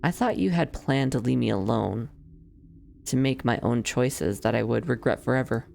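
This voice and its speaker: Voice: mid-range voice, moderate pace, vocal fry, a little mellow, slight background noise. A streamer reading the lines of a sardonic young noblewoman villainess from a game, in dry, formal phrasing. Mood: wry. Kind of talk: reading game dialogue aloud.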